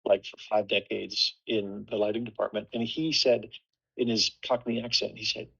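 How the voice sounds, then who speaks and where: A man's voice: on the low side, little pitch movement, moderate pace, creaky, sharp tone, husky, dull audio. A man speaking as a production designer in a casual panel talk, thoughtful and full of restarts.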